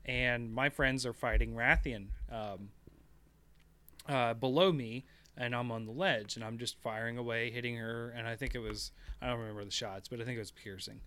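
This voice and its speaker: A man's voice: mid-range voice, moderate pace, sharp tone. A man chatting casually on a gaming podcast, rambling through stories with lots of fillers and restarts. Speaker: podcast co-host.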